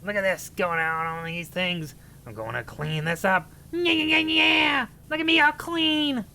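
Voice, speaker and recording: A woman voicing a rowdy, excitable goblin who loves cleaning, raspy and sing-song on a gameplay stream. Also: mid-range voice, measured pace, slight background noise. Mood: gleeful. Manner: gleeful, sing-song, nonsense syllables. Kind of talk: livestream gameplay voice acting.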